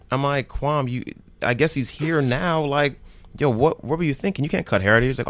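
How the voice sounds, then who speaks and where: A New Jersey man guesting on a podcast tells casual stories in a brisk, mid-range voice with no echo. He's animated and acts out the quoted lines of the people in his tales.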